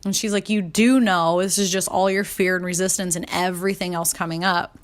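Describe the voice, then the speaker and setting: A young adult woman, a podcast host and coach, tells a personal story in a casual, candid way, swearing freely and acting out her own inner voice. Her voice is lowish, fairly quick, and fairly even in intonation.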